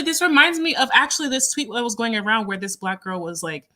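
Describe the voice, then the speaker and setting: A speaker in casual group discussion, animated and emphatic, repeating points for effect. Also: mid-range voice, fast, few pauses.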